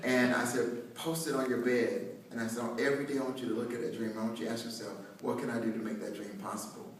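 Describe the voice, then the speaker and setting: A man's voice: medium pitch, steady tone, fast. Man speaking far off in an echoey hall. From North Carolina, USA. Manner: conversational and joking, with many restarts. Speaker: motivational speaker addressing students. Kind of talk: inspirational speech. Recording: very echoey hall, heard from a distance.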